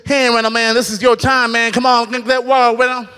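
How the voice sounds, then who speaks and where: A man voicing his small, excitable friend, whose voice shoots high as he cheers him on, in a reverberant church hall. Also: fairly quick, slight background noise. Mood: hyped. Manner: high-pitched, hyped cheering. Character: small excitable grown man, shrill and pumped-up.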